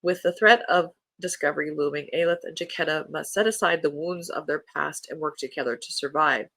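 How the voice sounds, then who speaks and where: A book podcast host chatting casually and reading new-release blurbs aloud in an even storytelling way. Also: medium pitch, brisk, creaky, dry recording.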